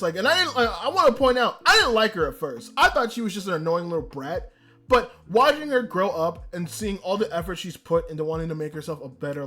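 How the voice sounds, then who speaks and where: A man hosting a casual anime review podcast, ranting with animated, profane energy. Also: sits high. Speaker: podcast host.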